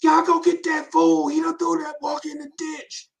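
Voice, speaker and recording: A man voicing an upset old grandmother, yelling in a high, scolding voice. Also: flat delivery, moderate pace, vocal fry.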